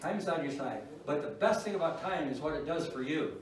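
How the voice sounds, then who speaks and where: A man's voice: a little high, animated, a little fast. An older man teaching a church class on parenting, folksy and wry, chuckling at his own stories. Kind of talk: informal church class talk. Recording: echoey room, mic far off.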